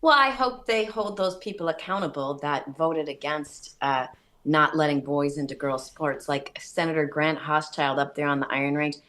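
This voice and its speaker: Female politician guest, chatty storyteller, somewhat low voice. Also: normal speed, a bit bright. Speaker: state senator, guest. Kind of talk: casual radio interview.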